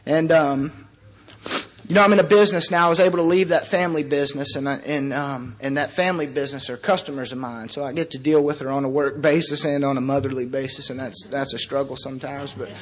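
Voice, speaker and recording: A man in his thirties sharing his recovery story before a group, earnest and halting, with long pauses and wry, self-mocking humor. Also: medium pitch, fairly even intonation. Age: 30s. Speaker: recovery meeting speaker. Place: meeting room before a live audience.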